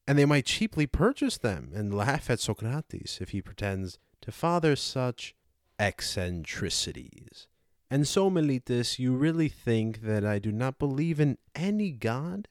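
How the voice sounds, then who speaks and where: For a dramatized audiobook, a man voices an aged male philosopher who indignantly cross-examines with rhetorical questions. His mid-range voice is very animated but unhurried, recorded dry with clean studio sound.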